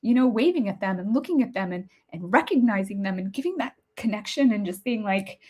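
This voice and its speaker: A woman's voice: medium pitch, expressive, brisk, a little mellow. A woman in her forties telling a personal story as a podcast host, chatty and laughing, turning emotional and teary. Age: 40s.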